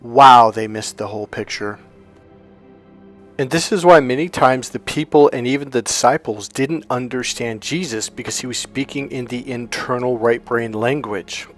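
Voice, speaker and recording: A man's voice: mid-range voice, moderate pace, soft background music. A middle-aged man, a life coach, delivering an emphatic, preachy motivational monologue full of storytelling.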